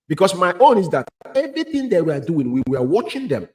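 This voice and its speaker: A man co-hosting a heated talk show, emphatic and quick to agree or interject. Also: high voice, big pitch swings, a little mellow.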